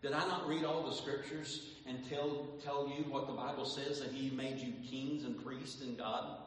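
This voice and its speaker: A man preaching a sermon to his church, repeating phrases and rising into sung shouts. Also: mid-range voice, level tone, normal speed. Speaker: pastor. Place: church sanctuary. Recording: echoey church hall, distant mic, faint ambience.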